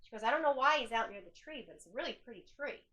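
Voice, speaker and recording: Woman hotel owner, bright clear tone, lively storyteller who acts out the voices she quotes. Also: a little high, rapid-fire, muffled recording. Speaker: hotel owner leading ghost hunts. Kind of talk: casual storytelling. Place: indoors in an old hotel.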